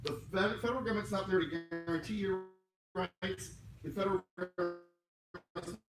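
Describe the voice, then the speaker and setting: A man's voice: sits high, moderate pace, far from the mic, over music. A man teaching a class in a classroom, talking conversationally with joking asides and explaining things word by word. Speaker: class instructor. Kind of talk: classroom lecture. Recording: echoey room miked from afar.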